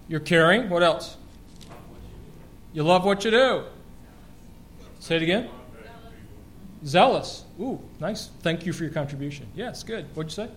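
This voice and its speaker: A man delivers a sermon in a fairly high voice, reading scripture with energy and tossing questions to the congregation. His manner is lively and joking. A faint low rumble sits under the recording. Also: measured pace, long pauses. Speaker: preacher.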